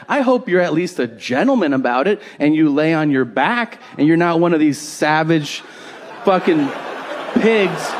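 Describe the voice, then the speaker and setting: A man doing a stand-up comedy set, telling a crude, exaggerated story and acting out the people in it. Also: sits high. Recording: live audience noise. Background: crowd laughter and ambience.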